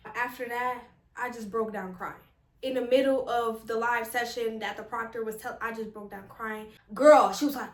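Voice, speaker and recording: A young adult woman vlogger shares a casual storytime at a moderate pace, her voice fairly high. She sounds animated and exasperated and uses plenty of slang.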